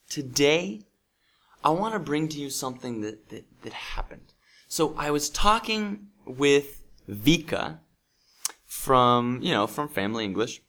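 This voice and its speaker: A man hosting an English podcast, sounding upbeat and chatty. He talks slowly and casually, with plenty of fillers and restarts, and his pitch sits in the middle for a man. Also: a bit bright. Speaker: English teacher and podcast host.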